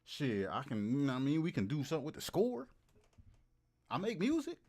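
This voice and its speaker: Lively, excitable male streamer. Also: mid-range voice, brisk. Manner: animated and hyped, repeating lines for laughs. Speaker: livestreamer. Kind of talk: casual comedic riffing to a live chat.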